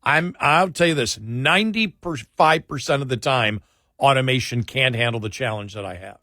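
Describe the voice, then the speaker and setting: A man's voice: mid-range voice, moderate pace, pushed and bright, dry recording, clean studio sound. A man hosting an overnight radio talk show, reading a list aloud and trading quips, his speech speeding up when he gets annoyed. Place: radio studio. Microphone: studio microphone.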